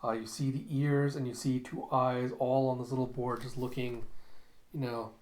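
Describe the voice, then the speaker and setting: A man's voice: medium pitch, flat delivery, normal speed, darkish tone. A man casually recapping a comic, in a loose, rambling way full of fillers. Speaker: manga recap host. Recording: roomy echo.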